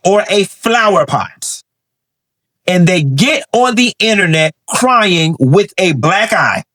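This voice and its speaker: A man's voice: high-pitched, fairly bright tone. A man hosting celebrity gossip commentary, ranting in a sassy, blunt and profane way. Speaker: host.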